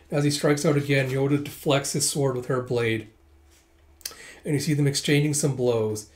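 A man's voice: medium pitch, steady tone, darkish tone. A man casually reading through a manga, narrating the panels play by play. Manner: quick play-by-play retelling. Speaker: manga reviewer.

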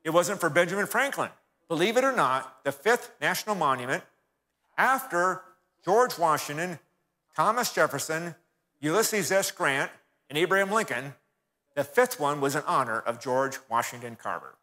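A man's voice: fairly high pitch, lively intonation, moderate pace, sharp tone. A man giving a folksy, sermon-style history talk in a church, often turning to the audience and calling them folks. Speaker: guest speaker. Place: church hall. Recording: reverberant church hall.

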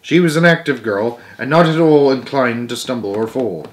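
A man reading a children's book aloud as storyteller, gentle, with small slips and self-corrections. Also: medium pitch, lively intonation, moderate pace.

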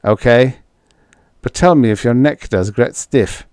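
A man's voice: mid-range voice, measured pace, darkish tone, clear, resonant tone, no room sound, clean studio sound, voice pushed up, natural voice. A man voicing a glib young TV producer who talks in an airy, wisecracking way. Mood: breezy.

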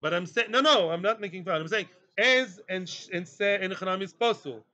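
High, bright-voiced Talmud teacher. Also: male voice, fairly quick, highs cut off. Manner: lively, mixes Hebrew and Aramaic terms, jokes with students. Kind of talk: daily Talmud class.

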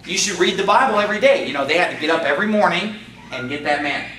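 A man's voice: high-pitched, expressive, very fast, sharp tone, slight background noise. A man preaching a sermon, reading scripture aloud and then paraphrasing it in everyday words with emphasis. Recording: roomy sound from a distance, faint ambience.

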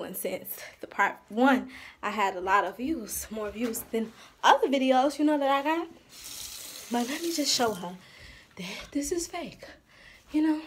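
A woman's voice: a little high, slight background noise. An eighteen-year-old woman vlogging a prank on her grandmother, teasing and laughing as she talks. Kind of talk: casual prank vlog.

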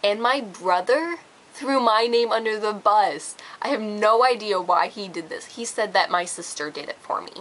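A woman's voice: medium pitch, normal speed, fairly bright tone, rough recording. A young woman casually telling a personal story to the camera with many fillers. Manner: chatty, many fillers, acts out quotes. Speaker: vlogger.

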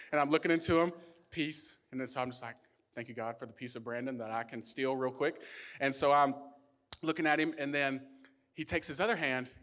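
Young guy pastor preaching, kinda high voice, chatty storytelling, lots of "like"s. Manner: storytelling, animated, many fillers like "like". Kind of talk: sermon.

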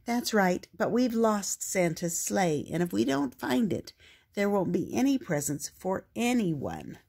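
A woman voicing a pair of worried reindeer in a storybook, loud, polite and gloomy. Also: medium pitch, very animated, unhurried, gravelly, slightly rough, voice pushed up, heavily acted.

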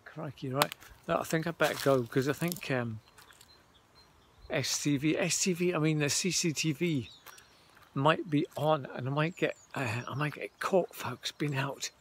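Strolling outdoors through town with a handheld phone, a man chats loosely to his viewers and addresses them as folks. He speaks on the high side at a measured pace, with a little hiss or hum in the recording.

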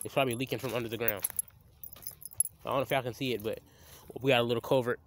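A man's voice: mid-range voice, fairly even intonation, fast, slight background noise. Rambling young man vlogging by a creek. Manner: rambling, stammering and restarting. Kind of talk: casual outdoor vlog. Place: outdoors by a creek. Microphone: handheld phone camera.

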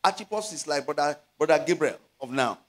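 A middle-aged man with a Nigerian Yoruba accent, preaching a sermon as a pastor, stretching out scripture words and building to loud exhortations. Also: fairly high pitch, animated. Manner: slows to stress scripture phrases.

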